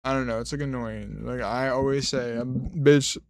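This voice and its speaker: A young man streaming, chatting loosely with his chat while high and half asleep, sassy and swearing as he rambles. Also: steady tone, moderate pace, vocal fry, dry recording. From Mexican heritage. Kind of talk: casual stream chat reading comments.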